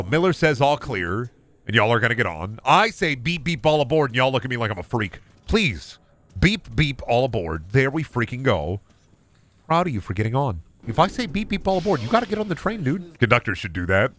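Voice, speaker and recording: Fast-talking goofy young male streamer. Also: expressive. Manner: fast, rambling and goofy, often loud and high when joking. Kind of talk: casual gaming stream chat.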